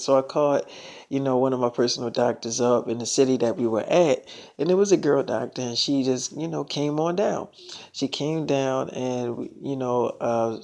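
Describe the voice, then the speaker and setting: A man's voice: medium pitch, gravelly, darkish tone. A man telling a long story in a loose, rambling way, swearing freely and often saying "so she's like". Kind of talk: casual storytelling vlog.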